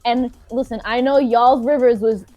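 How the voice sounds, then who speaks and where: A woman's voice: a little high, fairly even intonation, normal speed, dry recording, dull audio. A woman from New York co-hosting a podcast, telling stories in a sassy, emphatic way. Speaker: podcast co-host. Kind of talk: casual chat.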